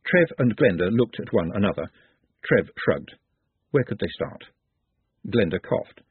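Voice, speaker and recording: A man's voice: on the low side, lively intonation, measured pace, long pauses, husky, no echo. A man narrating an audiobook expressively, with dry wit. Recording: tinny phone-like dry audio.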